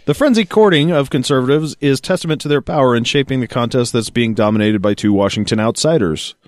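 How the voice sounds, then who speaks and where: A man's voice: mid-range voice, quick pace, dry recording. A man co-hosting a podcast, reading news excerpts aloud and joking about them with a co-host, often laughing. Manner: reads news excerpts then jokes and laughs. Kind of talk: casual podcast chat reading articles aloud.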